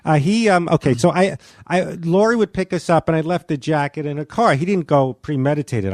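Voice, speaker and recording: A man's voice: a little high, expressive, normal speed, few pauses, no room sound, studio quality. A man on a podcast telling a meandering story, full of restarts and hesitations. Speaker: comedian guest. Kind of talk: casual podcast chat.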